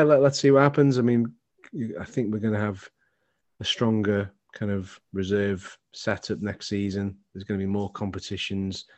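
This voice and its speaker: A man with a lowish voice co-hosts a chatty fan podcast. He rambles, restarts his sentences and laughs readily. The sound is close and dry. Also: darkish tone, no room sound. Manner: rambling, laughs easily, stumbles over words. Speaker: podcast co-host. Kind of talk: casual football fan chat.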